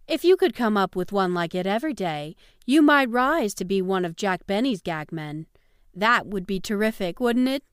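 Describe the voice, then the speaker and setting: Lady doing a dry no-nonsense young woman, kinda peevish, smooth voice. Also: mid-range voice, lively intonation, normal speed, no echo, close to an everyday voice. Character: blunt serious young woman, impatient.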